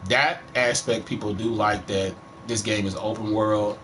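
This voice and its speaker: A man's voice: lowish voice, steady tone, a little slow, a bit bright, a little hiss or hum. A middle-aged man from Texas with a country accent, chatting casually and profanely while streaming a game from home. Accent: Texan country. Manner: rambling, profane, laid-back. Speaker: gaming streamer. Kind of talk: casual let's-play commentary.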